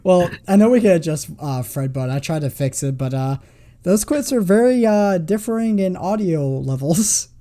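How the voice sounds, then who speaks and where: A man's voice: sits high, expressive, normal speed, dark tone. A young man co-hosting a podcast over an online voice call, speaking hesitantly with many uhs. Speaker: podcast co-host. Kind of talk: casual chat.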